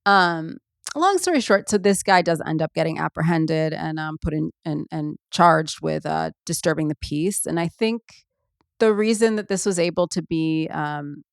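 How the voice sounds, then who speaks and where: A woman's voice: sits low, normal speed, gravelly, smooth, no room sound, studio quality. A woman hosting a solo podcast, chatting casually and rambling with many ums and asides. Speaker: podcast host.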